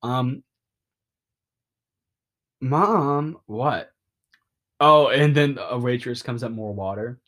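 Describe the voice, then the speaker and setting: A young adult man hosting a podcast, recapping a comic in a rambling, excitable and openly emotional way, full of fillers and restarts. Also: mid-range voice, extremely slow, pauses often. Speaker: podcast host.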